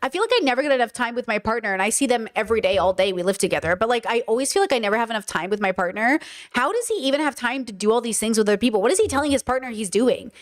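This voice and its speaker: A woman's voice: on the high side, animated, very fast, few pauses. A woman streamer giving opinionated casual commentary, joking around with many "like" and "okay" asides.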